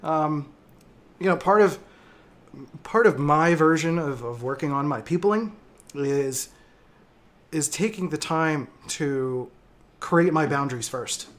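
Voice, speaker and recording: A man's voice: on the high side, lively intonation, slow pace. A man hosting a casual livestream, reading viewer comments and talking reflectively with frequent hesitations and fillers. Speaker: livestream host.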